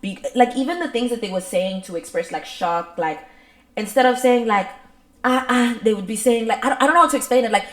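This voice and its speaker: A woman's voice: on the high side, quick pace, roomy sound. A young woman in her twenties from South Africa, with a South African accent, co-hosting a podcast in a rambling casual chat full of "like". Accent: South African English. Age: 20s. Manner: rambling, full of "like" fillers, swings from lively to soft. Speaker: podcast co-host.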